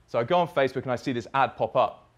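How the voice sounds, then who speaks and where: Racing along in a medium-pitched voice, a young man gives a storytelling keynote at a fitness business summit. He recounts a personal story in the present tense and swears freely.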